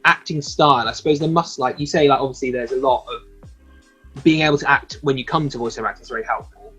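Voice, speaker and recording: A man's voice: medium pitch, fast, pushed and bright, slightly rough, soft background music, rough recording. A man hosting an interview, asking questions in a friendly, hesitant way with many fillers. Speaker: interviewer host.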